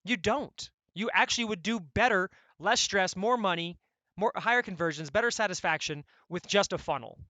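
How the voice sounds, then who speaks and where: A man coaching members on online sales funnels, talking in an energetic, blunt, conversational way and often checking in with "right?". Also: high-pitched, moderate pace, no room sound. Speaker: e-commerce coach.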